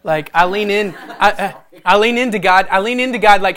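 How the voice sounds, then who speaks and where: A man's voice: high-pitched, normal speed, few pauses, a bit bright. Guy preaching, acts out the dialogue with god and moses, jokes at himself. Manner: self-deprecating asides. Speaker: pastor. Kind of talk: sermon.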